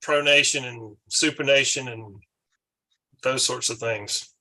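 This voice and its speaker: A man's voice: medium pitch, steady tone, unhurried, pushed and bright. A man in his forties in a casual beer podcast, defending himself with laughs. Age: 40s. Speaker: podcast guest. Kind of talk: casual chat over beers.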